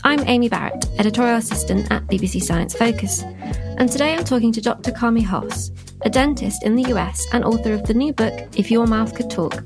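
A woman's voice: a little high, brisk. A woman hosting a science podcast, introducing a guest and asking friendly questions. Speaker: podcast host. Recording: music behind the intro.

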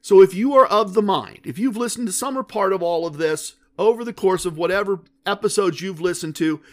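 A man's voice: high voice, a little fast. A man hosting a podcast, talking casually in a chatty monologue, telling stories and asking rhetorical questions. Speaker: podcast host.

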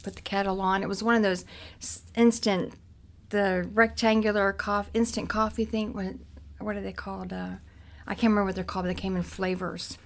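A woman from Cincinnati, a podcast guest, frankly and haltingly recounting her own past with many restarts. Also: medium pitch, flat delivery. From Cincinnati, United States. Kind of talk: candid personal storytelling.

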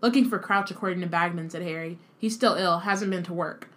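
A woman's voice: lowish voice, brisk, fairly bright tone. A woman co-hosting a casual read-along stream, reading passages and commenting on the characters with slang. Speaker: co-host reading a book aloud on stream.

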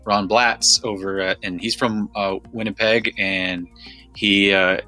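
A man's voice: on the low side, little pitch movement, unhurried, pushed and bright, faint music behind. An American man co-hosting a podcast, telling a story in a rambling, casual way with fillers and restarts. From United States. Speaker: podcast co-host.

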